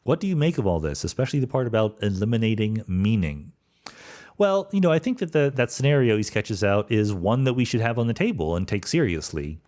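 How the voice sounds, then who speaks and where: A man's voice: on the low side, very animated, fairly quick, darkish tone. A middle-aged man from suburban Philadelphia hosting a solo podcast, answering listener questions in a thoughtful, rambling way with fillers and self-corrections.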